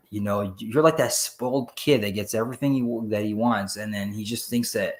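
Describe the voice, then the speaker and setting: A man's voice: fairly low pitch, fairly quick, hardly any pauses. A man talking as a podcast guest in a casual chat, rambling and profane, acting out voices as he goes. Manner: rambling, profane, animated, acts out character voices.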